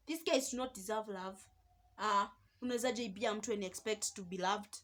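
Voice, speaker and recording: A young woman with a Kenyan accent, telling a personal story in a lively, casual vlog and slipping between Swahili and English. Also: medium pitch, a little fast. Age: young adult. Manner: animated, mixes Swahili and English. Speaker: vlogger.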